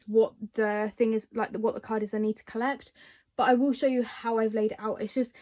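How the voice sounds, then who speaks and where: A young female vlogger talks casually while showing off her collection, laughing a lot and filling gaps with "um" and "like." Her voice is fairly high and mellow.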